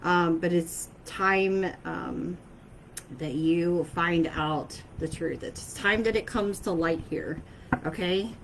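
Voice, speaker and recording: A woman's voice: lowish voice, steady tone, takes it slowly, background noise. A woman speaking casually to her viewers as an intuitive reader, hesitant, with many fillers and checks of "okay?". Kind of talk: casual spoken message to camera.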